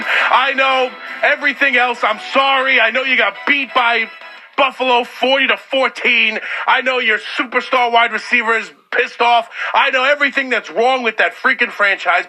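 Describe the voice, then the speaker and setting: A man hosting sports talk radio, ranting in a loud, sarcastic, exasperated way. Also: very high-pitched. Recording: radio broadcast.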